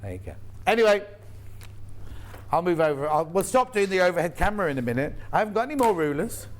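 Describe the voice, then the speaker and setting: Chatty high-voiced man selling live. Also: animated, fast, a little hiss or hum. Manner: chatty, rambling, jokey asides. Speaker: shopping channel presenter. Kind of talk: live TV sales chat. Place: TV studio.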